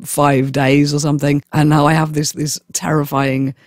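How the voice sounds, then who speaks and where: A man with a hoarse voice from a chest infection rambles to camera with giggles and stammering restarts. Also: fairly high pitch, flat delivery, moderate pace, dry recording, clean studio sound. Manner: giggly, stammering, self-mocking. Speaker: vlogger. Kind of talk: rambling casual monologue.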